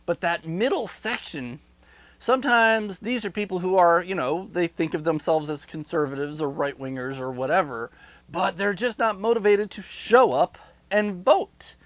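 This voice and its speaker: A man giving a direct-to-camera political monologue, rhetorical and animated, slipping into mocking voices. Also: high voice, moderate pace, no room sound. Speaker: political commentator.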